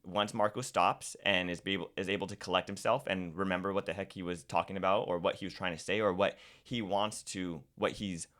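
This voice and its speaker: Very deep-voiced talkative man. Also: fairly even intonation, brisk, few pauses, a bit bright. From California's Central Valley. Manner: talkative, frequent restarts and repeats. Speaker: podcast guest. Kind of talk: casual conversation.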